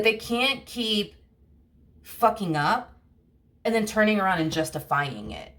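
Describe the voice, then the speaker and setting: A woman giving a casual tarot reading, rambling and blunt, full of fillers and the odd curse word. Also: mid-range voice. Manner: rambling, heavy "you know" and "like" fillers, blunt swearing. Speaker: tarot reader.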